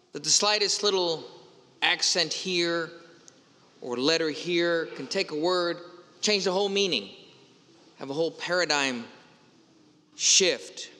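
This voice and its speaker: A pastor preaches a Sunday homily in a conversational, storytelling manner, slipping in playful asides. His voice sits a little high and sounds bright and forceful, carried by the long reverb of a church hall.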